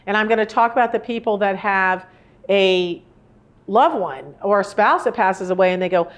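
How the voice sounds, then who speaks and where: A woman in her sixties talks to a live audience in an earnest, conversational way. She rambles and restarts her sentences as she goes. Her voice sits at an ordinary middle pitch for a woman. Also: moderate pace. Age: 60s. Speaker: grief speaker. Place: indoor room with a live audience.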